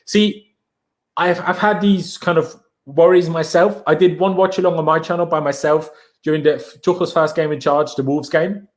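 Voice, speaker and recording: Hosting a live stream, a young man from Austria with German as his native tongue talks casually, slangy and energetic, pumping up his viewers. His voice is a little high and moves at a moderate pace.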